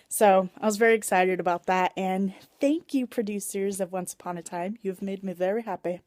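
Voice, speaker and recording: A woman's voice: mid-range voice, a little fast, hardly any pauses, darkish tone, no echo. A chatty woman vlogs into her phone camera at home. She talks casually and animatedly, laughs often and acts out her own reactions. The sound is close and dry. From Seattle area. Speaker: vlogger. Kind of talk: casual vlog chat.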